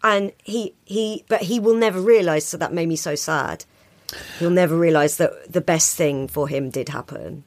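A woman co-hosting a podcast in casual chat, animated and swearing freely, often quoting lines in put-on voices. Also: on the low side, moderate pace, no echo. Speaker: podcast co-host.

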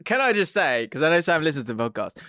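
A man's voice: on the high side, very animated, quick pace, sharp tone, no room sound, clean studio sound. A man co-hosting a podcast in casual football chat, rambling and giggling, often trailing off mid-sentence. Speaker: podcast co-host.

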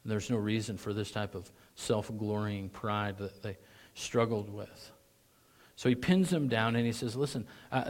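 A middle-aged male pastor preaches an animated sermon in a lowish voice at a measured pace. When he turns sarcastic and mocking, his voice rises sharply, and he often clears his throat.

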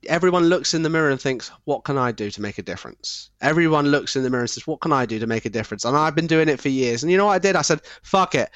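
A man's voice: on the high side, a bit bright, no echo. A man co-hosting a casual podcast chat, swearing freely, saying "mate" constantly and laughing often. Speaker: podcast co-host.

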